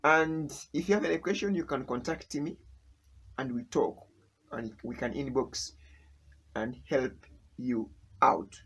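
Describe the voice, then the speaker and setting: A man's voice: mid-range voice, measured pace, pauses often, fairly bright tone, breathy edge, poor audio. A man teaching a casual spoken lesson, patiently repeating each sound and example. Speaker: language teacher.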